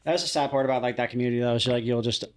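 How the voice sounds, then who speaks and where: A young man talks casually as a podcast host, circling back and restarting his sentences as he goes. He laughs often and keeps a loose, conversational flow at an everyday middle pitch. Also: fairly even intonation, rapid-fire. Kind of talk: casual chat.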